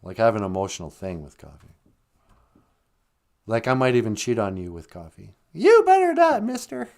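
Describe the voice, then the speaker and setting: A man's voice: deep voice, a little fast, gravelly, darkish tone. A man hosting a livestream show, telling stories in a rambling, joking way and laughing often. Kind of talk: casual storytelling chat.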